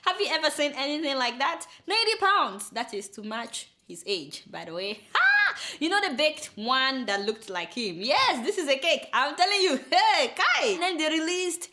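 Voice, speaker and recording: Young Nigerian woman, satirical news host, bright voice, bouncy swooping delivery, chatty asides. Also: sits high, measured pace, hardly any pauses. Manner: animated, exclamatory, chatty asides to viewers. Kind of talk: comic news commentary.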